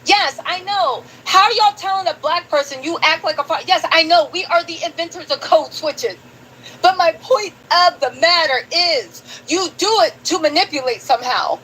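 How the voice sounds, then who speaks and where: A woman hosts a live commentary stream and talks emphatically as she scolds her audience. Her voice sits high. A light hiss runs underneath. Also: lively intonation, moderate pace, fairly bright tone, poor audio. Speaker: commentary show host.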